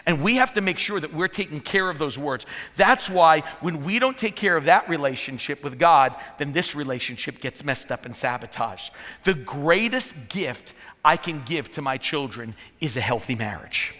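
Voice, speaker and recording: Pastor guy preaching, lively storyteller, kinda high voice, long church echo. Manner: lively storytelling with humorous asides. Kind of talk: sermon. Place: church sanctuary.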